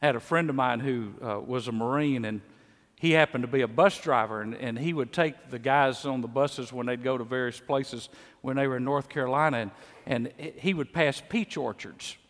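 A man's voice: mid-range voice, normal speed, fairly bright tone. A middle-aged man with a Southern US accent preaching a sermon in a conversational way, often repeating words as he starts a sentence. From Mississippi. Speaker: pastor. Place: church sanctuary. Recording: long echo of a large church hall.

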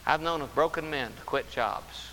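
A man preaches a sermon in a fairly high, pushed, bright voice, hammering his points home by stretching key words and repeating phrases. The sound carries a roomy hall reverb with a faint hiss underneath.

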